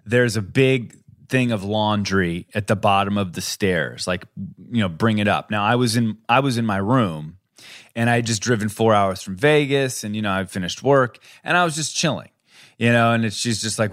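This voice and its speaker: A man co-hosting a casual chat, animated and swearing, who jumps up in pitch when he quotes people. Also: moderate pace. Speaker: podcast co-host.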